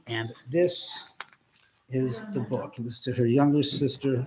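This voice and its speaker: A man's voice: mid-range voice, measured pace, crowd noise. A man hosting a live stream from his own house, telling a story in a chatty, casual way, acting out the voices of the people he quotes and swearing now and then.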